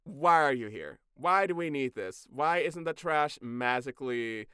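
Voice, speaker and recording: A man co-hosting a podcast, recapping a cartoon episode in a casual, sarcastic, animated way. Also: mid-range voice, unhurried, smooth, dry recording, studio quality. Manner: animated, sarcastic storytelling with profanity. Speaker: podcast co-host.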